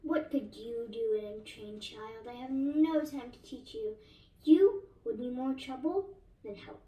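Woman voicing a gruff old potter, scornful, higher-pitched, echoey room, off-mic. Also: expressive, a little slow, warm tone, recorded from a distance. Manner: harsh, scornful outbursts.

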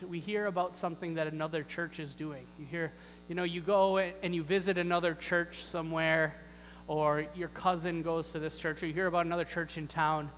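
A man's voice: high-pitched, a bit bright, long reverb tail, slight background noise, poor audio. A man preaching a sermon in a church, talking in a conversational, wry way with many rhetorical questions. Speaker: pastor. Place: church sanctuary.

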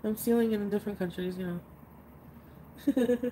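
A woman's voice: medium pitch, normal speed, long pauses, warm tone, a little hiss or hum, rough recording. Drowsy, congested woman rambling on a livestream. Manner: rambling with constant fillers and laughs. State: congested and drowsy from flu medicine. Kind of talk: casual livestream chat. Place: bedroom.

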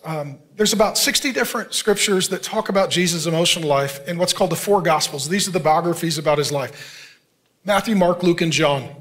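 A man's voice: fairly high pitch, brisk, fairly bright tone. A middle-aged male pastor preaching a sermon, reading scripture aloud and speaking earnestly and directly to his congregation.

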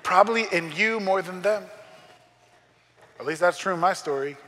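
A man's voice: high-pitched, normal speed, sharp tone, in a large hall. A man preaching a sermon as pastor, in a conversational style with joking asides. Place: church sanctuary.

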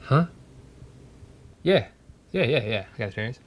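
A man's voice: medium pitch, expressive, unhurried. A man playing a clueless, boastful applicant for a security job, talking in laid-back slang. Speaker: job applicant in a comedy sketch.

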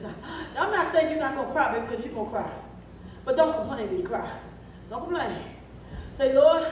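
A woman pastor with a high, ringing voice preaches a sermon. She falls into a rhythmic, half-sung cadence and tags almost every line with a questioning "huh?". The recording is heavily echoey, as if caught from far back in the sanctuary. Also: animated, moderate pace, a little mellow, slight background noise. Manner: chanting, half-sung cadence when climaxing. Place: church.

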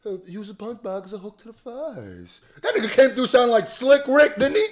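A man, a rapper, giving casual, animated commentary full of slang and exclamations while reacting to a music video. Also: very high-pitched, a little fast.

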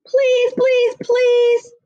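A woman voicing an excitable young boy who pleads eagerly. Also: very high-pitched, drawn-out words, no room sound, lo-fi sound, pitched above the performer's own voice, exaggerated voice.

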